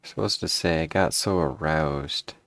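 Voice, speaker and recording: A man's voice: rumbling low, normal speed, a bit bright. A man chatting casually while editing his own video clips, rambling and grumbling as he works. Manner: rambling, grumbling aside to himself. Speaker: streamer.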